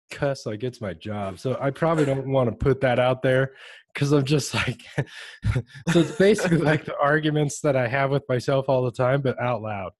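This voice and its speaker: A man's voice: mid-range voice, darkish tone, no echo. A man hosting a casual podcast chat, talking animatedly and laughing often as he acts out little voices. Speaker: podcast host.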